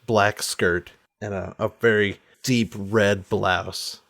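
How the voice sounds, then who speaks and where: A man narrating a tabletop role-play scene in a relaxed, halting way. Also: on the low side, creaky, soft background music.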